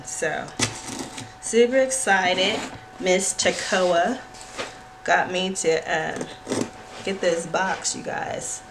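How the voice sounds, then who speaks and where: Excited woman gushing over an unboxing. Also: lowish voice, drawn-out words, pauses often. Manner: excitable, gushing, frequent squeals and "y'all". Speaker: planner channel host. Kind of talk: casual unboxing vlog. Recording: noisy home recording with clicks.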